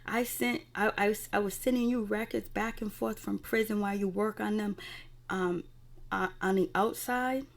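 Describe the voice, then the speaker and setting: A woman's voice: a little high, normal speed, vocal fry. A woman voicing a fierce, furious woman who confronts her ex with cursing. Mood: taunting.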